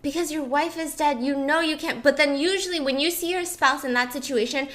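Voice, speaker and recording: A woman host telling a true-crime story in a chatty, animated way, full of "like" and asides. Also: sits high, brisk.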